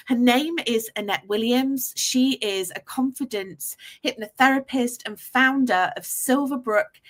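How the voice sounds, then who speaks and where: A woman hosting an online summit, giving effusive introductions with a slightly higher voice. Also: a bit bright. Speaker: host.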